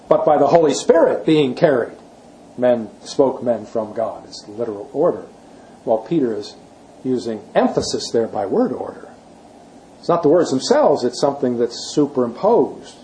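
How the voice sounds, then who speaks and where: A man with a warm, mellow voice teaches a class, explaining step by step. He leans on key words for emphasis and keeps asking his listeners rhetorical questions. A faint hum of room noise sits behind him. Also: medium pitch, poor audio. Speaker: Bible teacher. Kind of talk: classroom lecture.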